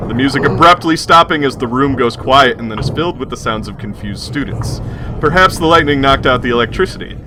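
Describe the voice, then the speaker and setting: A man narrating a tabletop horror game as game master, casual and quick to laugh. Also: medium pitch, animated, noisy background.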